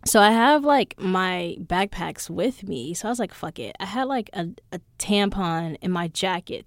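Young adult woman, podcast host, casual storyteller, swears a lot, mid-pitched, dry close sound. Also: dry recording. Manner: profane, animated storyteller.

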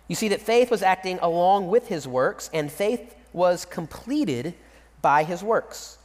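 A man preaching a sermon, reading scripture aloud and acting out the quotes with lively emphasis. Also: sits high, measured pace, in a large hall. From Central Texas. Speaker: pastor.

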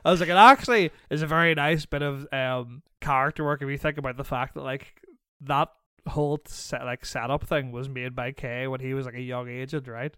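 A man's voice: mid-range voice, fairly even intonation, brisk, sharp tone, clean tone, no echo, clean studio sound. A young man co-hosting a podcast, chatting casually and animatedly, often laughing as he talks. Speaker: podcast co-host. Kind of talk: casual chat.

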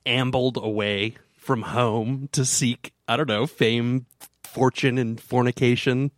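A man in a casual podcast conversation, drifting through a long anecdote with restarts and "like"s. His voice sits at an ordinary middle pitch. The sound is dry and close, with no room echo. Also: slow pace. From Florida. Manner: rambling storyteller, frequent restarts. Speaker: podcast co-host.

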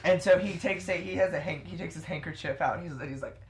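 A man's voice: fairly high pitch, fast. A man playing a tabletop game, casually retelling events in a rambling way, full of "like". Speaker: player. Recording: roomy echo with crowd chatter.

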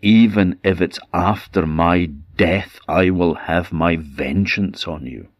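A Scottish man voicing a sinister, vengeful laird and sorcerer in a spoken folk tale, slow and menacing. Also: deep voice, no echo, studio quality.

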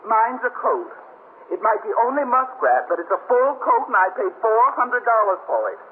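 A woman's voice: a little high, big pitch swings, moderate pace, breathy edge, exaggerated voice. An actress playing a blunt, indignant married woman in a 1950s radio drama, insistent and no-nonsense. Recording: tinny, hissy old radio broadcast.

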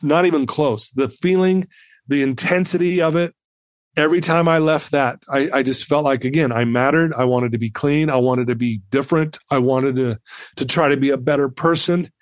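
A man's voice: medium pitch, moderate pace, no room sound, clean studio sound. A middle-aged man telling a personal story as a podcast guest, earnest and heartfelt, often restarting his sentences.

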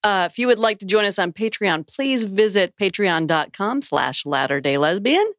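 A woman co-hosting a podcast in casual chat, easygoing and quick to laugh. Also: mid-range voice, expressive, no room sound, clean studio sound. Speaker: podcast co-host.

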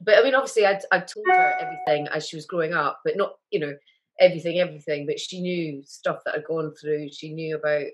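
A woman's voice: sits low, fast, soft background music. Candid, emotional woman. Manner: emotional, candid, animated retelling. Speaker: interview guest. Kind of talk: casual interview chat.

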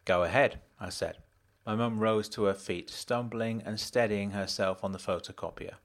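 Deadpan man narrating a story. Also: fairly low pitch, moderate pace. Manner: dry, matter-of-fact, deadpan first-person narration. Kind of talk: audiobook narration.

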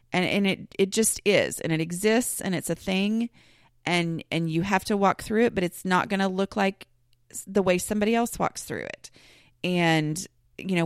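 A woman's voice: fairly low pitch, vocal fry, no echo, studio quality. A woman hosting her own podcast, talking casually and rambling, with many fillers and restarts. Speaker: podcast host. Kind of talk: casual solo podcast talk.

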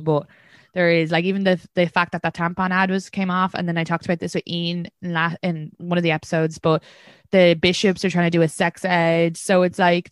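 Young irish woman gabbing on her podcast, swears a lot, lower voice, dry close sound. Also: dry recording. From Ireland. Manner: candid, swears freely, lots of fillers. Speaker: podcast host. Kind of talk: casual chat.

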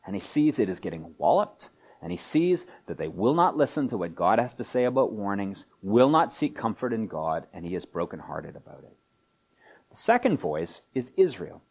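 A man preaching a sermon, explaining a passage and acting out its voices with lively swings. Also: moderate pace. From Canada. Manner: animated, acts out quoted voices with wide pitch swings. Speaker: pastor.

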